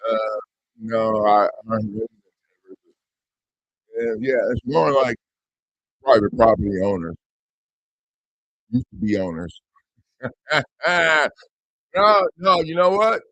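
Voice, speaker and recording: Gravelly guy ranting loose and profane on a video call, dry close sound. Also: medium pitch, lively intonation, slow pace, long pauses, a bit bright, no echo, poor audio. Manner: blunt, profane and defiant. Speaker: host. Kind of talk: casual livestream chat.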